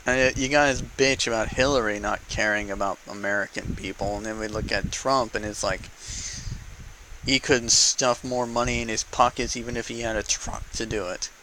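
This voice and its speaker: A man's voice: lowish voice, fairly even intonation, normal speed, sharp tone, a little hiss or hum, low-quality recording. A man ranting heatedly to camera in an unedited vlog, swearing often and repeating words for emphasis. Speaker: vlogger. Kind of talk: unedited political rant to camera.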